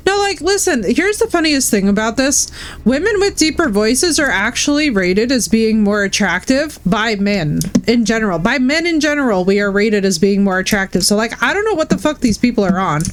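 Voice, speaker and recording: A woman streamer chatting casually with her viewers while she plays, candid and swearing freely, calling people bro and dude. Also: a little high. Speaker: Twitch streamer. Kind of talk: casual live-stream chat while gaming.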